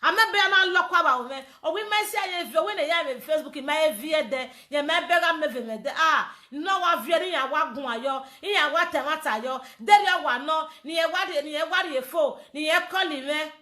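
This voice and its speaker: A woman with a Nigerian accent rants for social media in a very high, bright, forceful voice. She talks loudly and slips into chanting and laughter. The echoey room rings around her phone recording. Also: moderate pace, few pauses. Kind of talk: animated social media rant.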